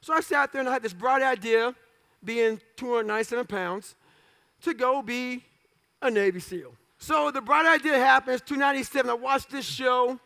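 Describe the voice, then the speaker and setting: A man with a strikingly high, gravelly voice tells his story in short, blunt, profane bursts. His delivery is forceful, with sudden loud outbursts. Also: normal speed. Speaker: motivational speaker. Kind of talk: storytelling talk.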